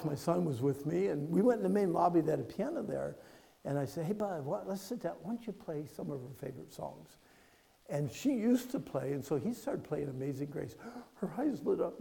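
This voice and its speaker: Gravelly preacher telling a story. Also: male voice, a little high, rough recording. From Pennsylvania. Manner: storytelling, swings from hushed to loud and emphatic. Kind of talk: sermon with personal story.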